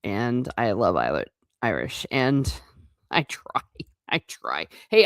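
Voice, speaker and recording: A former teacher hosts a casual livestream, chatting loosely and rambling, laughing often, correcting herself and reading out viewer comments. Her voice is extremely low-pitched with huge pitch swings, a bit bright, at normal speed, in clean studio sound without echo.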